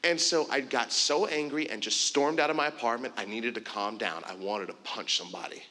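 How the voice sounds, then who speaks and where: A man speaks from a conference stage, telling an animated story and slipping into the voices of the people in it. His tone is bright and forceful, and a long reverb from the big hall trails after each phrase. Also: medium pitch, a little fast. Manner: animated storytelling, acts out dialogue. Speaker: keynote speaker. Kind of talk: storytelling keynote speech.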